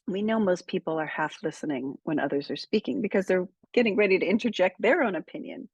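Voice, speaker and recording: A woman coaches viewers on speaking, her low voice husky and slightly breathy. She talks in a measured, emphatic way, leaning on key words and pausing on purpose. The sound is close and dry. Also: dry recording, lo-fi sound. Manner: measured, emphatic, deliberate pauses. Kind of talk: direct-to-camera speaking tips.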